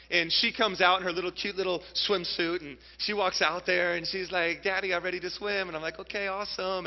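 A man in his thirties delivers a sermon in a high voice, telling a personal story with plenty of energy. He turns to his listeners often with direct questions. The recording sounds dull and muffled, with a long reverb from a large hall. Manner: animated storyteller, addresses the audience directly. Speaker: preacher.

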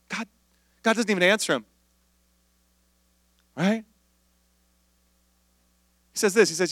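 Male pastor, sermon, animated, acts out voices, high bright voice. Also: slow pace, long pauses, no echo, studio quality. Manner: animated, acts out voices, drops to soft near-whispers.

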